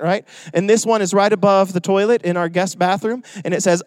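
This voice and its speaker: A man's voice: high-pitched, fast talker, hardly any pauses, a little mellow, clear, resonant tone, no room sound. A young adult man preaching a sermon in a joking, conversational way. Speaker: pastor.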